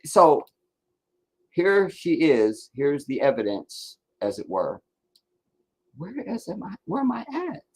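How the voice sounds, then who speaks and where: A man hosts a casual livestream in a fairly high voice. He rants and rambles, swearing freely as he goes. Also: huge pitch swings, takes it slowly, pauses often, breathy edge. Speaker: livestream host.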